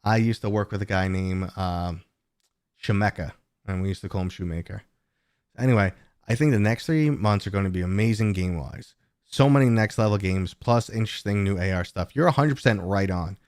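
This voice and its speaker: A man's voice: a little fast, no echo, studio quality. A man hosting a casual live stream, rambling through viewer questions with lots of tangents and fillers. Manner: jumps to a much higher, louder pitch when greeting viewers.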